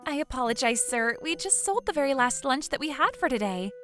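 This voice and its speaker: A woman's voice: sits high, big pitch swings, a little fast, a bit bright, soft background music. A woman voicing a polite young female restaurant clerk who apologizes but holds firm. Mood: apologetic.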